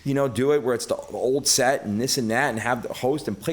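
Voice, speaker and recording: He's a middle-aged podcast guest from Brooklyn, New York, speaking briskly at medium pitch. His storytelling is casual and animated, laced with profanity, and he acts out the voices of those he quotes.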